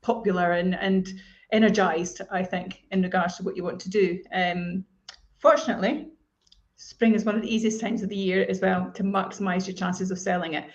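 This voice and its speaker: A woman's voice: medium pitch, flat delivery, moderate pace, highs cut off. A woman co-hosting a casual property advice chat, talking in a conversational way with tag questions. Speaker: estate agent co-host.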